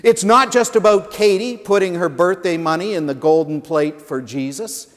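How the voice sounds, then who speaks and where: A man's voice: high-pitched, normal speed, few pauses. Preaching man in a reverberant church. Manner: storytelling preacher, swings between loud emphasis and hushed lines. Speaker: pastor. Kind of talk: sermon. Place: large stone church sanctuary.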